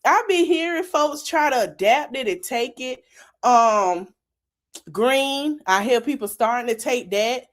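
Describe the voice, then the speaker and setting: Lady podcast host, kinda high voice, laid back slow talk, slangy and laughing a lot. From South Florida. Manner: animated, laughing, slangy and teasing. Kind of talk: casual commentary.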